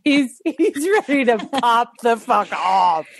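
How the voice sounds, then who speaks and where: A woman's voice: fairly high pitch, expressive, takes it slowly. A woman co-hosting a podcast, joking in casual chat. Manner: joking, laughs between lines. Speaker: podcast co-host.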